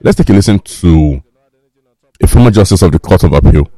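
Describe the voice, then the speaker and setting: Very deep-voiced Nigerian radio host. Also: male voice, lively intonation, a little fast, warm tone, no room sound. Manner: conversational, wry, thinking aloud with fillers. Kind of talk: radio talk show commentary. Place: radio studio.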